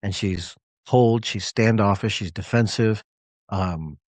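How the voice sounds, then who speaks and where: A man's voice: fairly low pitch, slow pace, a little mellow, no echo. A man coaching clients on a live call, telling a story in an emphatic, conversational way.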